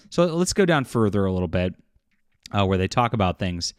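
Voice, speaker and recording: Dry, low-voiced male commentator. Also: very animated, smooth, no room sound. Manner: halting, full of fillers and restarts, derisive chuckles. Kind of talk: casual opinion commentary.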